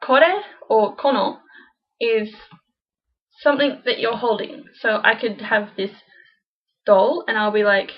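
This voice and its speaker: Woman, higher voice, casual teacher who repeats examples slowly; dull lo-fi home recording. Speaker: language teacher. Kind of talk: casual beginner lesson.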